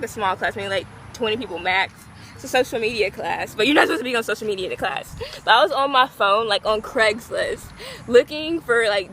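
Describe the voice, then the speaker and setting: Bubbly high-pitched young woman. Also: a little hiss or hum. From Gulf Coast of Texas. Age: young adult. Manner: chatty and rambling, heavy use of "like"; excitable, bursts into loud squeals. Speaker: vlogger. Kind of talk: casual storytelling vlog.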